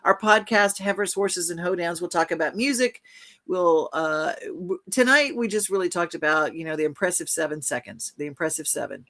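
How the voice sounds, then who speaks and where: A woman's voice: on the low side, moderate pace, fairly bright tone. A woman co-hosting a podcast, talking enthusiastically in casual chat about travel and upcoming plans. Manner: enthusiastic, promotional. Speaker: podcast co-host.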